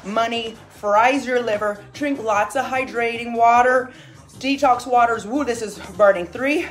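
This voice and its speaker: A woman's voice: a little high, measured pace, soft background music. A middle-aged woman coaching a live workout, cheering with enthusiastic whoops and motivating her viewers. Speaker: fitness coach.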